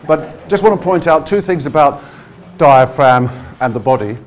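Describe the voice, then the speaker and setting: Energetic man coaching a live audience. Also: fairly high pitch, normal speed, slight background noise. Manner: energetic, encouraging, leads the audience through exercises. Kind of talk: live workshop demonstration. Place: conference room with a live audience. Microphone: no handheld mic, projecting to the room.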